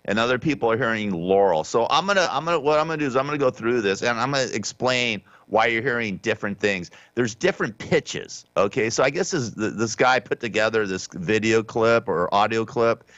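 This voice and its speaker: A man's voice: medium pitch, lively intonation, fairly quick, hardly any pauses, a bit bright, no room sound, dull audio. A man hosting a talk radio show, rambling through the day's stories in an offhand, sarcastic way with many restarts. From Southern California. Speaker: radio host. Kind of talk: casual talk radio monologue.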